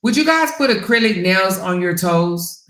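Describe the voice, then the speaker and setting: A woman hosting a casual livestream, telling stories and reading viewer comments in an animated, sassy way. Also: medium pitch, moderate pace. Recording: roomy echo.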